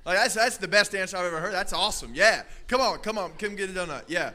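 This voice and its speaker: A man leading a lively youth sermon on a handheld microphone, playful and energetic, often calling out loudly to the crowd. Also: high-pitched, fast. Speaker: youth pastor.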